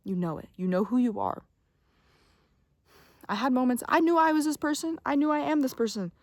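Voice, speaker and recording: High-voiced and fairly quick, this young woman speaks with lively intonation in a recording with no room sound. She delivers casual, emphatic self-help advice to camera, swearing liberally, occasionally lowering to a whisper, and often checking in with "okay?"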